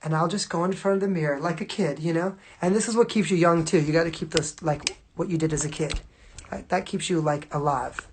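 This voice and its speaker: A woman chats casually with viewers on a phone livestream, rambling, swearing freely and filling her speech with constant fillers. As the host, she speaks in a low-sitting voice at a slightly fast pace.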